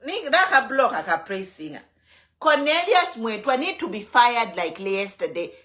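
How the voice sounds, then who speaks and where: A woman's voice: on the high side, big pitch swings, normal speed, a bit bright. A Zambian woman hosting an online show, giving fiery political commentary full of rhetorical questions, moving between English and Bemba.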